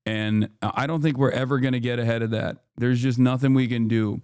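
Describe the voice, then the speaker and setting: A man's voice: mid-range voice, fairly even intonation, a little fast, darkish tone, clear, resonant tone, no room sound, clean studio sound. Heated, profane male streamer ranting. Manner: heated, profane, rambling rant; reads chat messages aloud and answers. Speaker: livestreamer. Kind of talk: casual reactive stream commentary.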